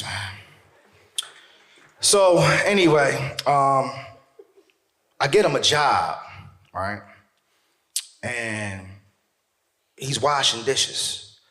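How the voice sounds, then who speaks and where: A man doing stand-up comedy, telling a story to a live crowd, loud and animated, jumping into shouted character voices. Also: mid-range voice, slow pace, pauses often. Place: stage in a theater. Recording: echoey theater with faint noise.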